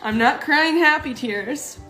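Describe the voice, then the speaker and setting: A woman's voice: high voice, takes it slowly, music in the background. Earnest woman in a roomy space. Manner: emotional, earnest. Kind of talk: personal social media video.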